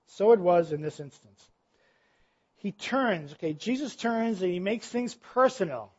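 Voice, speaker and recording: High-voiced man preaching a sermon. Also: darkish tone, husky, dull audio. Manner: conversational preaching, rhetorical questions. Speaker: pastor.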